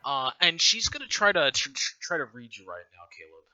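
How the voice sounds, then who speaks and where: A man narrating a tabletop game as game master, talking in a halting way with frequent fillers and restarts. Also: medium pitch, huge pitch swings, pushed and bright, highs cut off.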